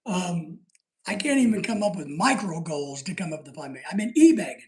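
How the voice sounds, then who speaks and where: A man's voice: high-pitched, lively intonation, brisk. A middle-aged man hosting a live stream in casual chat, reading out viewer comments, rambling and joking, laughing often. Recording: roomy echo.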